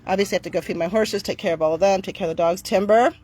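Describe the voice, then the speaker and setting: A woman's voice: mid-range voice, very fast, husky, no room sound. Chatty woman talking outdoors to camera. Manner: chatty, talks to her dogs in a bright upbeat voice. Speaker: dog owner vlogger. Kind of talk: casual talk to camera. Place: outdoors on her property.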